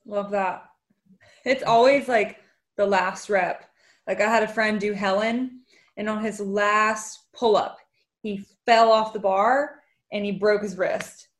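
A woman's voice: medium pitch, fairly even intonation. Chatty woman podcast host. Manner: chatty, quick reactions and questions. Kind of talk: casual podcast conversation.

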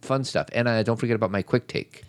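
A man's voice: mid-range voice, fast, no echo. A middle-aged man co-hosting a podcast in a casual, joking way, often riffing on movie lines. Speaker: podcast co-host. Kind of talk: casual chat.

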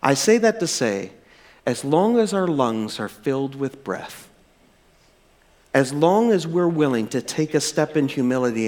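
A man preaching a sermon as pastor, swinging from emphatic, raised lines to soft, drawn-out words, then leading a prayer. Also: mid-range voice, animated.

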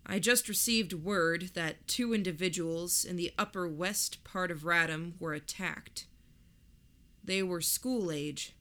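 A woman voicing a calm male reverend who speaks gravely, slowly and with pauses. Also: lowish voice.

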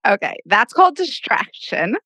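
A middle-aged woman therapist co-hosting a podcast, explaining calmly and laughing easily. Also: medium pitch, normal speed, no echo. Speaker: therapist co-host. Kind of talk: casual chat.

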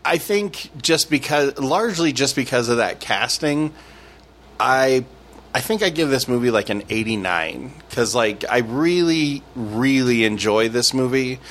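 A man's voice: medium pitch, animated, fairly bright tone. Chatty man co-hosting a movie podcast. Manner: chatty, halting restarts, easy laughter. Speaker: podcast co-host. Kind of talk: casual movie review chat.

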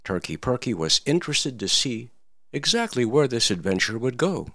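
A man's voice: medium pitch, sing-song, moderate pace, a bit bright, dry recording, clean studio sound. A man giving satirical political commentary, telling a mocking fairy tale in a theatrical, sing-song way.

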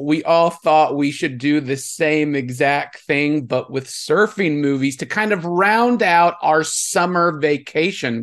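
Male podcast host with a slightly raised pitch. He chats casually, upbeat and playful, and laughs often as he banters with his co-hosts. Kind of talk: casual chat. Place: Texas.

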